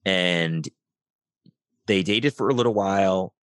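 A man's voice: low voice, slow, a bit bright, no room sound. A middle-aged man, a podcast guest, telling a personal story and acting out the dialogue in it. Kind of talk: storytelling interview.

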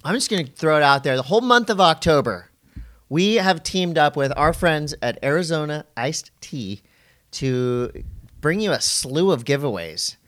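A man's voice: on the high side, lively intonation, moderate pace, a bit bright. A man co-hosting a podcast, teasing and joking in off-the-cuff banter. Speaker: podcast co-host.

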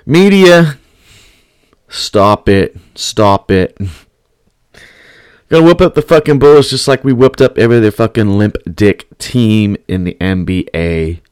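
Bay dude ranting on his podcast, swears a lot, smooth clear voice, dry sound. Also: fairly low pitch, normal speed, hardly any pauses, a little mellow, no room sound. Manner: profane, rambling storytelling with laughs. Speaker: podcast host. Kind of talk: casual chat.

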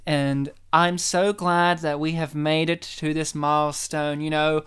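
A man's voice: a little high, flat delivery, measured pace, hardly any pauses, a bit bright, clean tone. A man co-hosting a casual comedy podcast, teasing and sarcastic. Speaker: podcast co-host.

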